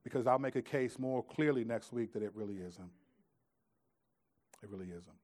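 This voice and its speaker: A man preaching a sermon in a conversational way, swinging from loud, pressing emphasis to hushed, quiet asides. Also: mid-range voice, normal speed. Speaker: pastor.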